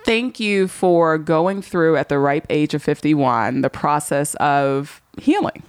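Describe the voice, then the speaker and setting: A woman hosting a podcast interview in casual chat, animated and repeating words for emphasis. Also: sits low, slow, smooth, no room sound. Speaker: podcast host.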